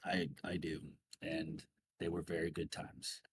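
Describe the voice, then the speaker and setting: A man voicing a grave older male adventurer who speaks quietly and in a measured way. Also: low voice, slight background noise.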